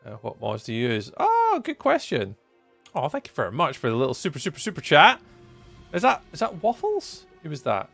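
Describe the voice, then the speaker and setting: A man's voice: sing-song, fast, gravelly, pushed and bright. A young Scottish man chatting casually on a live stream, reading and answering viewer messages. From Scotland. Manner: chatty, jumps high when greeting viewers. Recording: faint music behind.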